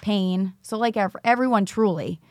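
A woman's voice: mid-range voice, normal speed, darkish tone, no room sound, studio quality. A middle-aged woman, a teacher, telling her story in an interview and acting out the dialogue as she goes. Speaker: teacher, recovery school founder.

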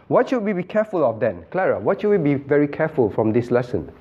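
A man's voice: on the high side, sing-song, fast talker, slightly rough, lo-fi sound. A male pastor leading an interactive Bible study in a church room, emphatic and questioning, calling on listeners by name.

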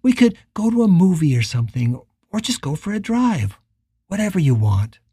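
A gentle, concerned woman friend speaking softly on the phone, as the narrator puts her on. The voice stays mellow and husky, in a dry, close sound. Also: lowish voice, big pitch swings, normal speed, no room sound, pitched above the performer's own voice, full character voice. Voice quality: soft.

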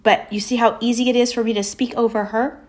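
A woman delivers a faith-based motivational message in a slightly high voice. She leans on emphatic, repeated affirmations and slows down with deliberate pauses to let each point land. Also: little pitch movement. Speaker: motivational speaker.

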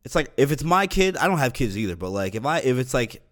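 A man's voice: medium pitch, big pitch swings, fast talker. A young man hosting a podcast alone, rambling casually with lots of fillers, restarts and swearing. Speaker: podcast host. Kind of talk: casual solo podcast rant.

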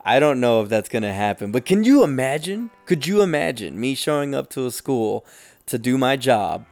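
Guy rambling through a work story, does little voices for people, kinda animated, some faint music in the back. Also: mid-range voice, moderate pace, no room sound. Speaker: business owner telling work stories. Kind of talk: casual storytelling monologue.

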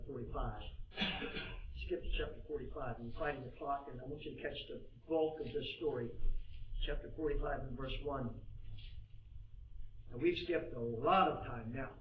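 High-voiced preacher in an echoey room. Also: male voice, far from the mic, lo-fi sound, slight background noise. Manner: animated, acts out scripture dialogue. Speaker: pastor. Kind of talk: sermon.

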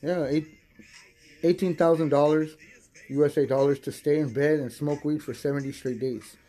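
A young man rambles through a casual podcast, high and swearing freely, often breaking into laughter. His voice sits a bit high for a man, yet it comes across husky and mellow. Faint music runs underneath him. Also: fairly even intonation, moderate pace. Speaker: podcast host. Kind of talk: casual stoner podcast chat.

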